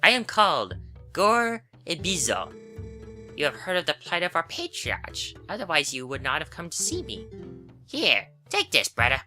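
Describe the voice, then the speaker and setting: A woman voicing a solemn old male rock-creature elder, speaking slowly and formally in a put-on bad Italian accent. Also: low voice, huge pitch swings, sharp tone, heavily acted. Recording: game music behind voice.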